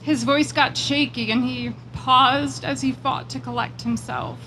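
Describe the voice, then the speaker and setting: A woman giving a prepared political speech at a rally, measured and emphatic, slowing down on repeated phrases and moving into personal storytelling. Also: high voice, fairly even intonation, sharp tone, a little hiss or hum, rough recording. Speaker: rally speaker.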